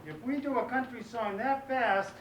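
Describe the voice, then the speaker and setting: A man's voice: very high-pitched, moderate pace. A man entertaining at a live sing-along show, trading folksy jokes with the crowd. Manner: folksy, joking patter with the crowd. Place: senior community function room. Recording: live, echoey room with loud music. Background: piano playing.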